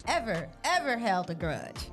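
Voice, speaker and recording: A woman's voice: mid-range voice, normal speed, soft background music. Supportive woman podcast co-host. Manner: relaxed, supportive listener with frequent affirmations. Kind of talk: casual podcast chat.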